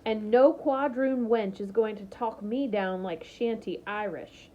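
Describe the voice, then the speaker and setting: A gaunt, sharp-eyed older landlady with a thick Southern drawl, put on by a woman reading aloud. She sneers and cuts with every word, her voice pitched up high. The storybook reading has a slightly muffled, lo-fi sound. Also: measured pace, close to an everyday voice. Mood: sneering.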